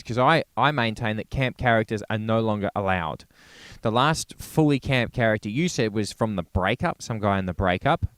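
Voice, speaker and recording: A man's voice: fairly low pitch, normal speed, hardly any pauses, fairly bright tone, clean tone, no room sound. Male podcast co-host, wry and rambling, close dry mic. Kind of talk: casual comedy chat.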